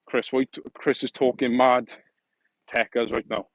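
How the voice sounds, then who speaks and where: A man's voice: medium pitch, little pitch movement, measured pace, gravelly, no echo, low-quality recording. A young man chatting casually on a live stream, joking and answering viewer comments while walking outdoors.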